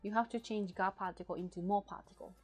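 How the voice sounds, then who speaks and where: A woman whose first language is Japanese, teaching a casual language lesson and patiently repeating example phrases slowly and clearly. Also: mid-range voice, fairly even intonation, faint music behind.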